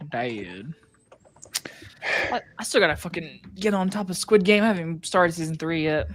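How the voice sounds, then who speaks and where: A man's voice: sits high, fast talker, a bit bright, a little hiss or hum. A young man hosting a casual movie watch-along chat, laughing often and swearing freely.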